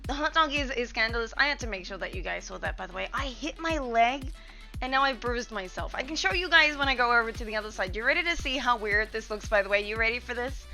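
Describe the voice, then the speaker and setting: Bright-voiced woman streamer. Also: a little high, fast talker, soft background music. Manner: scatterbrained and chatty, talking to chat. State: out of breath. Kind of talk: casual live-stream chat. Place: home kitchen, indoors.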